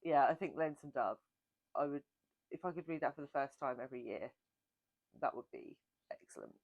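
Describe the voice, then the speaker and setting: A woman's voice: a bass voice, fairly quick, dry recording, phone-quality sound. A woman hosting a book channel, chatting casually and self-mockingly through a Q&A. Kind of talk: casual Q&A chat.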